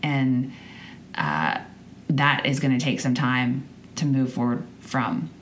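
A young woman with a strikingly deep voice hosts her own podcast in a loose, personal monologue. She rambles candidly, restarts her sentences and swears now and then. A faint noise sits underneath the recording. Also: animated, slow pace. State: choked up. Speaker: podcast host.

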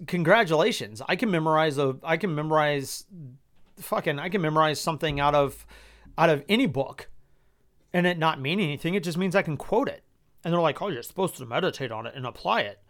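A man's voice: on the high side, a bit bright. A man hosting a personal podcast, speaking in exasperated, incredulous tones, swearing often and restarting his sentences. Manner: incredulous rhetorical questions. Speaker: podcast host.

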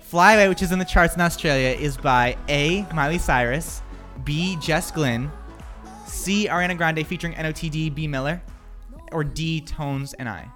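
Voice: mid-range voice, moderate pace, fairly bright tone, soft background music. A quiz host reading out multiple-choice answers and laughing often in a casual chat. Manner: upbeat, laughs often, reads answer options. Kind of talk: casual radio quiz hosting.

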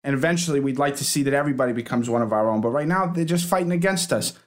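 A man's voice: mid-range voice, very fast. A man in a comedy debate, arguing brashly and combatively for his side and calling people sweetheart. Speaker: debater for Boston.

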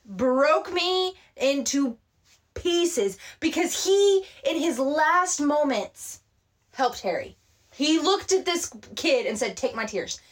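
A woman co-hosting a podcast in casual chat, who slows down to stress her points. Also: sits high, animated. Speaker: podcast co-host.

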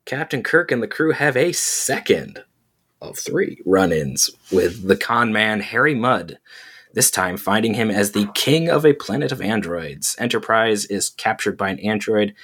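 A man co-hosts a casual chat podcast. His voice is fairly low and a little husky, and he rambles through his points, filling gaps with "like". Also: animated, normal speed, a bit bright. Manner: rambling, frequent "like" fillers. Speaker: podcast co-host.

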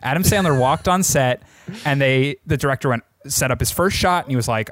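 A man's voice: mid-range voice, a little fast, fairly bright tone, no room sound. A young man co-hosting a podcast, chatting casually and telling jokey stories. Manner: joking storyteller, acts out quotes. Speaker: podcast co-host. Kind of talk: casual chat.

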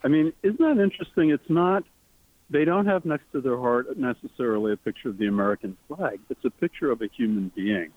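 A man, an author being interviewed, talking earnestly and enthusiastically, his pitch leaping up on the words he cares about. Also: lively intonation, brisk, no echo. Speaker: author guest. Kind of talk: interview conversation. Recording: tinny phone line.

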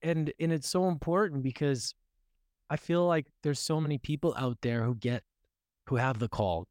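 A man's voice: mid-range voice, normal speed, darkish tone, dry recording, clean studio sound. A man hosting a podcast, enthusiastic and affirming, talking casually and asking probing questions. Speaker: podcast host. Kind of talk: casual interview conversation.

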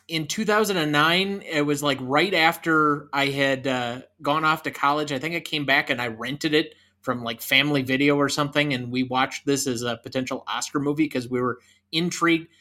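A man's voice: a little high, moderate pace, bright, forceful tone. A man in his thirties co-hosting a casual movie podcast, chatty and leading the talk with trivia. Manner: chatty, leads the discussion with trivia. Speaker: podcast co-host.

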